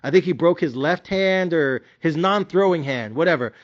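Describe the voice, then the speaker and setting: A man's voice: on the high side, lively intonation, moderate pace, dull audio. A man giving a blunt, profane, slangy rant reviewing his sports bets. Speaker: sports betting commentator.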